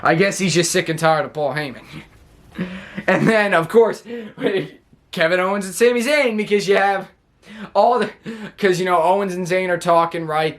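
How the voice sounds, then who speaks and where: A man with a noticeably high-pitched voice runs through a casual recap vlog. He rambles and circles back as he retells what happened, like someone chatting straight to his viewers. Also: a bit bright. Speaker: wrestling show reviewer.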